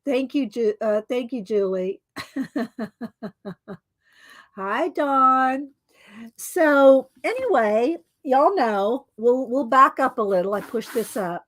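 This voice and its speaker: A high-voiced, middle-aged woman chats through a live art stream. She drawls slow greetings to viewers one by one and laughs easily between her words. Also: a bit bright.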